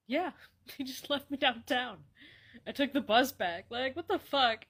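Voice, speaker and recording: A woman's voice: high-pitched, a little slow, breathy edge. Sarcastic woman doing comedy-skit banter. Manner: sarcastic, deadpan banter with casual swearing. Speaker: comedy sketch voice performer. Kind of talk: comedic dialogue skit, voicing several characters.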